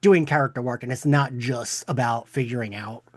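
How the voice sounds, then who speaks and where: A man's voice: medium pitch, moderate pace, darkish tone, no room sound, studio quality. A man who is a teacher, speaking as a podcast guest in casual chat, hesitant and full of "um" and "like". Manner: hesitant, many "um" and "like".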